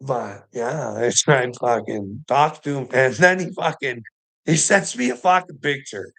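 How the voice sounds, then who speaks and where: A man's voice: mid-range voice, measured pace, fairly bright tone. A man talking straight to camera in a rambling monologue, swearing constantly, agitated and often breaking into laughter. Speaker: vlogger.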